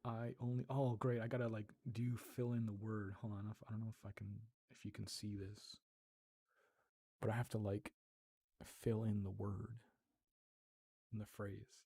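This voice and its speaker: This European ASMR creator, hosting a casual livestream, speaks in a low, creaky, husky voice with a level tone, a dark timbre, normal speed, and frequent pauses. He laughs a lot, responds to chat, and practices Portuguese out loud. There's no room sound.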